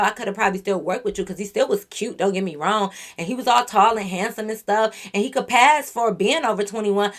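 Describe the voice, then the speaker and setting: A young woman telling a storytime on her channel, ranting bluntly and with lots of profanity at someone who lied to her. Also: medium pitch. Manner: animated, blunt and profane, venting at the listener. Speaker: YouTube storyteller. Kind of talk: casual storytime rant.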